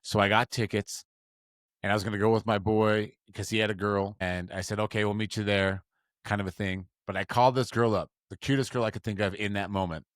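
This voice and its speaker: Animated self-mocking man telling a story. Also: brisk, dry recording, studio quality. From Utah. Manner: animated, self-mocking storyteller who jumps into high voices for quotes. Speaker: podcast co-host. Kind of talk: casual storytelling.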